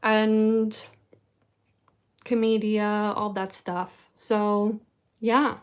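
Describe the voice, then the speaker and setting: A woman's voice: mid-range voice, level tone, very slow, clear, resonant tone. A woman chatting casually in a vlog Q&A, rambling and self-deprecating, often giggling at herself. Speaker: vlogger answering viewer questions. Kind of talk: casual Q&A chat.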